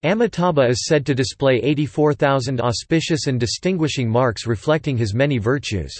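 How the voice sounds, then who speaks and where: Synthetic male reader, even machine delivery, mid pitch, dead-dry sound. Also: a little fast, no room sound. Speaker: text-to-speech reader. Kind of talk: synthetic encyclopedia reading.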